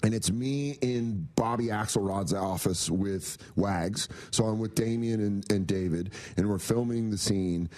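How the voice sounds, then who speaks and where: A man, a comedian and actor, telling animated, laughing stories as a guest in a casual interview. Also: fairly low pitch, unhurried, hardly any pauses.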